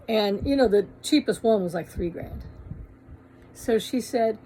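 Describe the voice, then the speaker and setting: A woman shop owner telling a funny anecdote in a lively, casual way with salty humor. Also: on the high side, unhurried, a little hiss or hum, low-quality recording.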